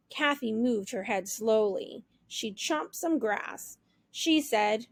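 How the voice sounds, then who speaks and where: Slow, high-voiced woman reading a storybook aloud. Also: no room sound. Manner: slow, clear, expressive storytelling. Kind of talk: children's read-aloud narration.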